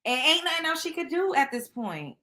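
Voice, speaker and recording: A woman's voice: high voice, big pitch swings, brisk, sharp tone. A woman hosting a casual gossip show, talking bluntly and with plenty of profanity straight to her listeners. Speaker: show host.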